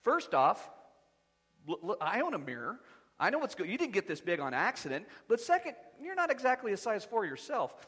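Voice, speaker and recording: Animated high-voiced male pastor. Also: brisk, breathy edge, in a large hall. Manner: animated, conversational preaching with humor. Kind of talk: sermon. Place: church sanctuary.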